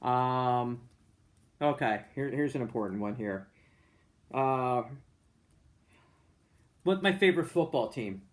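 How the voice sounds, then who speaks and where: A man's voice: mid-range voice, lively intonation, takes it slowly, pauses often. A man with a Delco Philadelphia-area accent, talking to camera in a chatty, rambling way with lots of fillers and jokey asides. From Delaware County, Pennsylvania. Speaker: vlogger. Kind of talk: casual explanatory monologue.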